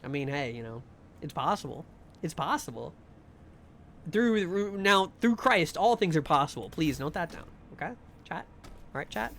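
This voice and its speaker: Male live streamer with a high voice, chatty and profane, over a noisy background. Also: moderate pace, pauses often. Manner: rambling and profane, with excited sing-song greetings. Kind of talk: casual chat with live viewers.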